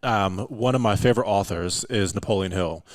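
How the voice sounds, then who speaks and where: A man talking in a relaxed, casual way as a podcast guest, filling his speech with "like" and "you know". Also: lowish voice, moderate pace, dry recording. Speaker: podcast guest, meditation and breathwork practitioner. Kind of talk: casual chat.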